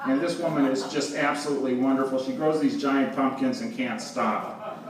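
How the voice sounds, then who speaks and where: A man's voice: mid-range voice, fairly even intonation, normal speed. A man giving a stage talk, telling wry anecdotes with frequent laughs. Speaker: presenter. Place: live event hall with audience. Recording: roomy, distant, with background noise.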